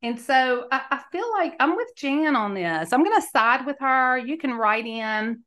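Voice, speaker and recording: A woman's voice: high voice, very animated, unhurried, a bit bright. A woman, hosting a podcast and telling candid stories in a chatty, emphatic way. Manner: chatty, emphatic, laughs mid-sentence. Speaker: podcast host. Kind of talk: candid storytelling monologue.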